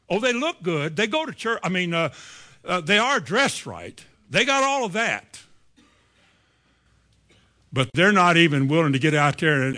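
A male pastor preaching an animated, storytelling sermon in a church, often acting out the voices. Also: fairly high pitch.

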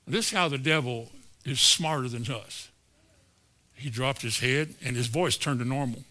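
A man preaching a sermon, telling stories in a folksy way, dropping into soft asides and rising to sudden emphatic peaks. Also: medium pitch, normal speed. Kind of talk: sermon storytelling.

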